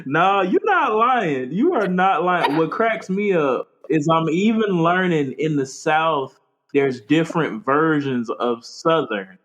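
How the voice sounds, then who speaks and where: A young Florida man co-hosts a faith podcast in casual chat, an animated storyteller who acts out quotes and laughs often. He speaks slowly in a slightly high voice.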